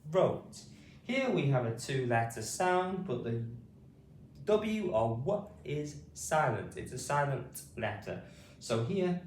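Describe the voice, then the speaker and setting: British guy teaching phonics super slowly, spells out each sound, roomy echo, mic kinda far off. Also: mid-range voice. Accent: British English. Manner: slow, deliberate, repeats sounds and spells them out. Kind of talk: slow classroom phonics lesson. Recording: roomy sound from a distant mic, faint hiss.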